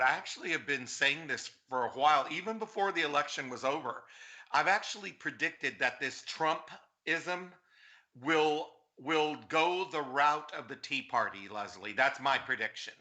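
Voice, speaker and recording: A man speaks as a political guest on a talk show. His voice is very bright and edged, pitched a little high, and he talks in an effusive, earnest way. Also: moderate pace.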